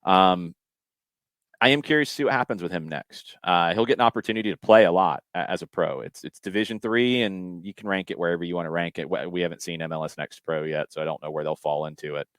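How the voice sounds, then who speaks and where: A podcast host with a deep, fairly bright male voice talks fast on a casual soccer podcast with no room sound. He reads listener questions aloud and thinks through them, with frequent restarts and fillers.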